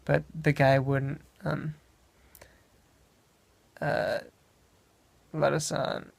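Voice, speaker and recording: Flat, gravelly young Midwestern man. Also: fairly high pitch, very slow, dry recording. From Wisconsin, USA. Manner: meandering, self-correcting anecdote telling. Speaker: vlogger. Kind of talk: casual travel storytelling.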